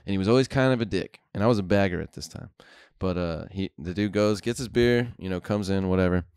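A man's voice: deep voice, quick pace, darkish tone, clear, resonant tone, dry recording, clean studio sound. A young man, hosting a podcast and telling profane, laid-back stories in casual chat. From Houston, Texas. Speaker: podcast host.

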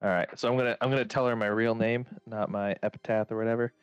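A man's voice: on the low side, steady tone, fast talker, smooth, dry recording, dull audio, faint music behind. Casual man playing a tabletop game. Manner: casual, joking. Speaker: player.

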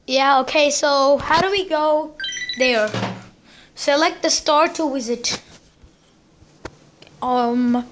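A woman hosting a let's play, excitable and jokey, exclaiming at every surprise. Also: high-pitched, slow pace, long pauses, background noise. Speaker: gaming channel host. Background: game music.

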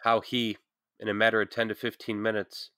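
A man giving earnest, measured scripted narration for a documentary. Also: on the low side, completely flat delivery, sharp tone, no room sound, studio quality.

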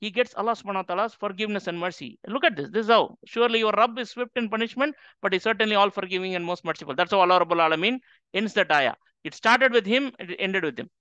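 A man leads a Quran class, his tone bright and forceful as he presses his listeners with rhetorical question after question. The sound is dry and close, with a slightly dull, lo-fi quality. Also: high-pitched, quick pace, clean tone, no echo. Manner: emphatic, asks many rhetorical questions. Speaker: Islamic teacher. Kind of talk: Quran class talk to an audience.

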